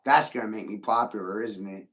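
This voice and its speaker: A man's voice: lowish voice, a little fast, fairly bright tone. A man in a rambling, taunting monologue, brash and profane, laughing at his own jokes. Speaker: vlogger ranting to camera.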